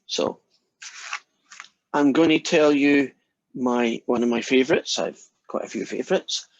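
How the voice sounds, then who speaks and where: A man's voice: medium pitch, unhurried, no room sound, dull audio. A man giving a casual university lecture, telling jokes and acting out the characters in them. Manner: chatty, storytelling, acts out quoted characters.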